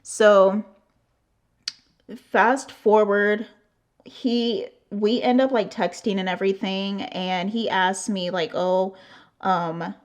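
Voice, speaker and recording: A woman's voice: medium pitch, steady tone, slow pace. A young American woman telling a storytime to her channel in casual, candid talk, heavy on fillers and swearing. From United States. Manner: candid, profane, lots of "like" fillers. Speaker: vlogger.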